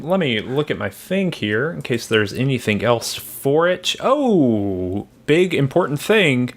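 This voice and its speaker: A man's voice: mid-range voice, very animated, slow pace, few pauses. A man co-hosting a podcast, chatting in a laid-back, teasing way. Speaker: podcast co-host. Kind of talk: casual podcast chat.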